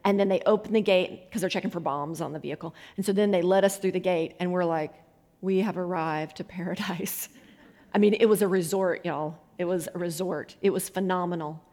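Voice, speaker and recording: Animated woman preacher in a reverberant hall. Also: on the low side, fairly quick. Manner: animated storyteller, laughs often, acts out quoted voices. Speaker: guest minister. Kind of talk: conference sermon storytelling. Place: conference hall.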